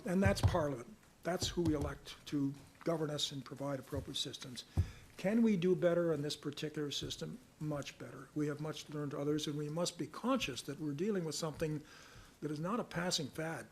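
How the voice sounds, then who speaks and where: An older man from Canada answering reporters' questions at a press conference in a measured, deliberate way, at times reading aloud from a report. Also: on the high side, a little hiss or hum. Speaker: special rapporteur at a press conference.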